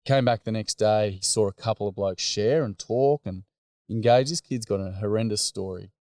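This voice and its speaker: A man's voice: lowish voice, moderate pace, a little mellow, no echo, studio quality. An Australian man, a workshop facilitator, telling stories in candid, blokey casual chat.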